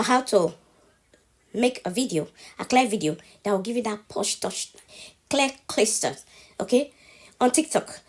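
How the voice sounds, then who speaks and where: A somewhat high female voice with a darkish tone and breathy edge belongs to a TikTok tutorial creator who has a cold. Chatty and casual, she leads a step-by-step phone tutorial at home, checking in with the viewer after each step.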